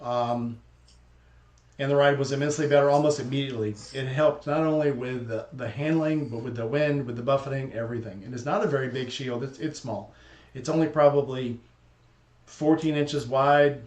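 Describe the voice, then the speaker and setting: A man hosting a casual chat, telling stories in a relaxed, enthusiastic way. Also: mid-range voice, moderate pace, roomy sound, lo-fi sound. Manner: chatty, relaxed, enthusiastic storytelling.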